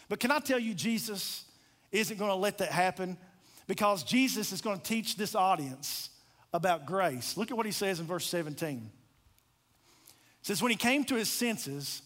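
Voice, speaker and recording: A man with a strikingly high voice preaching a sermon. He builds the parable with dramatic pauses and rhetorical questions, acting out its scenes as he tells them. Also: fairly bright tone. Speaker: pastor.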